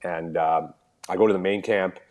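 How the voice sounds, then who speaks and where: A man with a low voice, a former pro hockey player from Canada, guesting on a podcast. He tells long stories in a relaxed, casual way and voices the people he quotes. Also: moderate pace. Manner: animated storyteller, acts out quoted dialogue. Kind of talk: casual storytelling interview.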